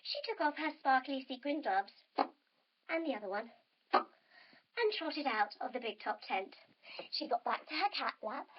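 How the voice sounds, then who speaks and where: A woman narrating a children's yoga story, playful and animated, with sound effects. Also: high voice, moderate pace, long pauses. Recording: dull lo-fi recording.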